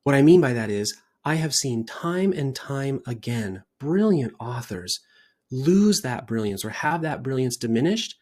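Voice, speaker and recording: A man giving an earnest, persuasive sales pitch to camera as the founder of a book-writing service, repeating his points for emphasis. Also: big pitch swings, a little slow, a little mellow.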